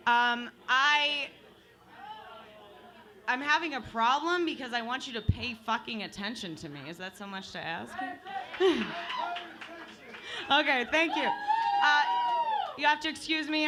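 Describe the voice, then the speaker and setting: A woman's voice: high-pitched, pushed and bright. A woman in her twenties from Michigan doing open mic stand-up comedy, chatty and profane, playing with the crowd on a bar stage. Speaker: stand-up comic.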